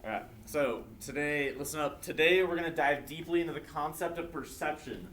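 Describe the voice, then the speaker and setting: A male teacher leading a class, drilling vocabulary by call and response and filling pauses with frequent "okay". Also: a little high, fairly bright tone. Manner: frequent "okay" fillers, repeats prompts. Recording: echoey classroom from far off, faint noise.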